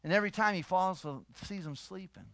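A man's voice: high-pitched, brisk, vocal fry, no echo, clean studio sound. Man preaching with emphatic swings. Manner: emphatic preaching, swings between soft and loud. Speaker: pastor. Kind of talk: sermon.

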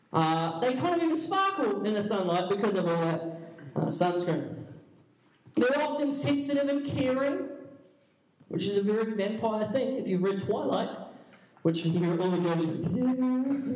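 High-voiced young male youth pastor. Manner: playful, self-mocking, jokey asides. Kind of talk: comic storytelling talk to a youth audience. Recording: echoey room, mic at a distance.

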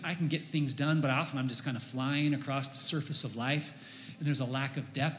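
A man's voice: a little high, fairly bright tone. A middle-aged man, a pastor, preaching a conversational sermon full of candid personal stories. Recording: roomy hall with faint music.

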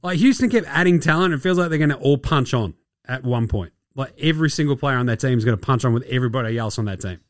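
A man with an Australian accent hosting a casual basketball podcast, sarcastic and profane, often mimicking players in quick asides. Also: mid-range voice, lively intonation, no echo. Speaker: podcast host.

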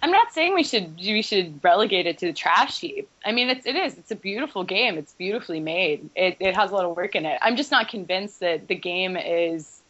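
A woman's voice: mid-range voice, lively intonation, fairly quick, hardly any pauses, fairly bright tone. A woman on a games podcast panel, talking animatedly in casual discussion with frequent restarts. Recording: dull lo-fi podcast audio.

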